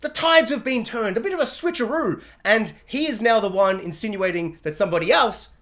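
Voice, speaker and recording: A woman giving a casual, joking spoiler review of a TV episode, animated and quick to act out characters in little voices. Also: on the high side.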